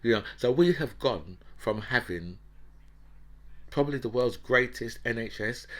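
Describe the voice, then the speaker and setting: A man's voice: mid-range voice, lively intonation, measured pace. Heated man ranting commentary. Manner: ranting, heated, peppers lines with "right?" and "you know". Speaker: political commentator and host. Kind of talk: opinionated commentary monologue.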